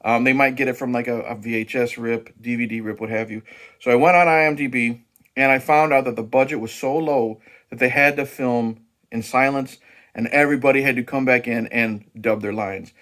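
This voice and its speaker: A man's voice: mid-range voice, fairly even intonation, brisk, a bit bright. A man hosting his own movie review channel, talking casually and profanely with frequent restarts and fillers.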